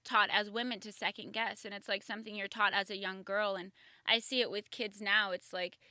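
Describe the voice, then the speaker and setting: A woman's voice: mid-range voice, steady tone, fairly quick, bright, forceful tone, no echo. A woman talking casually on a podcast, chatty, full of fillers. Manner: chatty, many fillers, acts out quoted voices. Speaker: guest.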